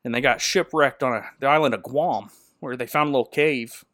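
A man's voice: mid-range voice, a little fast, fairly bright tone, no echo, clean studio sound, close to an everyday voice. A man voicing a blunt, slangy male lion king in a casual comedy recap. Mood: lecturing.

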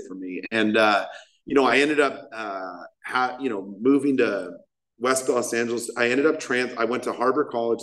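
A middle-aged man, the main speaker at a recovery meeting, telling his story in a rambling, self-deprecating way with chuckles. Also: on the low side. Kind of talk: personal recovery share, casual storytelling.

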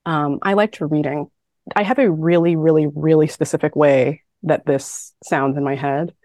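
A woman with a very low voice talks casually about a poem, thinking aloud with lots of "like" and "um." She sounds close and dry on the mic. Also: fairly even intonation, normal speed, darkish tone, dry recording. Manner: chatty, thinks aloud with many fillers. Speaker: podcast co-host. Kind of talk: casual chat about poetry.

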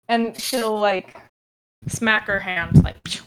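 A woman's voice: mid-range voice, slow pace. A woman playing a tabletop role-playing game, describing what her character does in a hesitant way with fillers. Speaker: player.

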